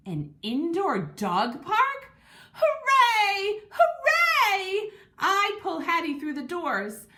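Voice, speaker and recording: A woman narrating a children's storybook in first person with an expressive, lively delivery. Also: on the high side. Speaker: audiobook narrator.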